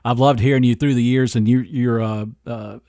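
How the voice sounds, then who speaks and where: A man hosting a TV interview, speaking haltingly with many fillers. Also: medium pitch, steady tone, warm tone, no room sound, clean studio sound. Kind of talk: broadcast interview.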